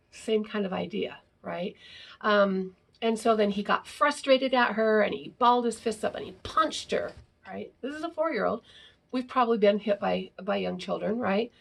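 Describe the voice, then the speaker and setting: A woman's voice: medium pitch, creaky. A woman explaining parenting ideas in a casual, conversational talk, often ending her points with "right?". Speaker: parenting educator.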